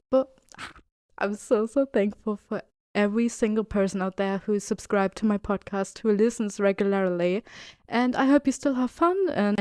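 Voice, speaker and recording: Chatty excitable woman podcast host. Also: mid-range voice, smooth, no room sound, studio quality. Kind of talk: casual podcast chat.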